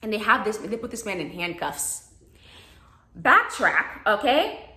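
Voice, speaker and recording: Young woman, storytime vlogger, bright lively delivery, roomy echo; casual and expressive. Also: medium pitch, a little slow. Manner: animated, chatty, laughs often, acts out quotes. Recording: echoey room.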